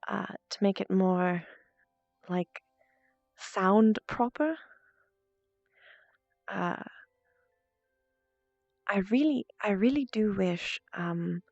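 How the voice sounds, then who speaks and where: A woman streamer chatting casually with her viewers, stuttering and muttering, with soft asides dropped under her breath. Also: mid-range voice, creaky, no room sound. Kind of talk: casual chat with stream viewers during VR role-play. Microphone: VR headset mic. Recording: dull lo-fi stream audio, faint music.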